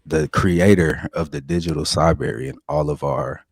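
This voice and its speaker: A very deep-voiced American man hosting a casual podcast. His voice is husky, and it sits dry and close. His manner is laid-back as he hypes up the crew. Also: fairly even intonation, normal speed, no echo. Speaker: podcast host.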